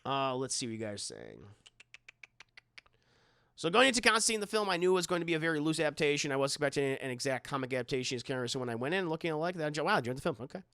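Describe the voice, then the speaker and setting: A man's voice: fairly high pitch, very animated, rapid-fire, creaky, fairly bright tone, clean tone, dry recording, clean studio sound. A man live-streaming, rambling through casual commentary and reading out his chat, often stumbling and repeating words.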